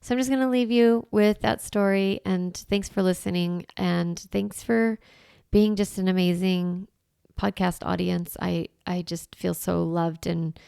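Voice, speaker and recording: A woman in her forties talks alone into the mic for her podcast, earnest and reflective. Her voice sits a little low and has a gravelly edge, yet it stays smooth and resonant. The sound is close and dry. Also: fairly even intonation, unhurried, mellow, no room sound. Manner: earnest, reflective, with light laughs. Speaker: podcast host. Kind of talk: solo podcast monologue.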